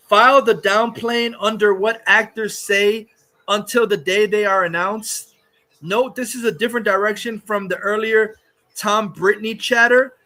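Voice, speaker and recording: A man hosting a casual commentary stream, reading chat and ranting in a heated, profane way with many filler pauses. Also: sits high, a bit bright.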